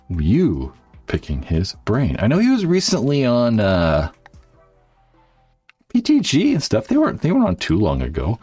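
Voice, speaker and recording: A man's voice: medium pitch, wildly swooping pitch, moderate pace, warm tone, husky, dry recording, faint music behind. A man hosting his YouTube channel, chatting casually to viewers in a rambling way, with lots of fillers and swearing. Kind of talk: casual livestream chat.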